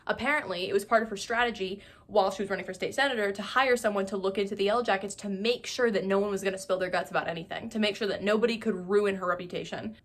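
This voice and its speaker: A woman's voice: medium pitch, steady tone, a bit bright. Chatty, sarcastic young woman recapping a show. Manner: chatty and sarcastic, acting out characters' lines in quick impressions. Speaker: YouTube recap host. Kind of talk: casual comedic TV recap narration.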